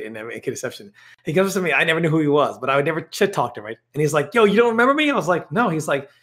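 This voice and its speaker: A man on a casual podcast telling a funny story, acting out the other people's lines. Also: medium pitch. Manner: laughing anecdotes, animated quoting.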